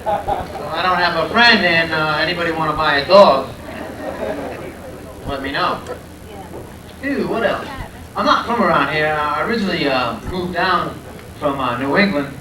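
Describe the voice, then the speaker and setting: A man from Rhode Island doing a loud, punchy stand-up comedy set on a club stage, working the crowd. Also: on the high side, normal speed, long pauses. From Providence, Rhode Island. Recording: echoey club from a far camera, loud crowd.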